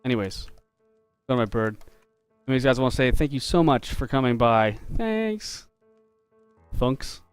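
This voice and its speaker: A man telling a story in a relaxed, chatty way, laughing often as he draws live on a stream for his viewers. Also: medium pitch, brisk, clear, resonant tone, dry recording, soft background music. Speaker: game developer and artist streaming live. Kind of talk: casual storytelling while drawing on a live stream.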